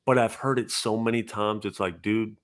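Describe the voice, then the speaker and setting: A man chatting casually on a podcast and telling animated stories, with a father's everyday voice. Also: on the low side, normal speed. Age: adult with a child. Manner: animated storytelling, acts out strangers' lines. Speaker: co-host reading super chats.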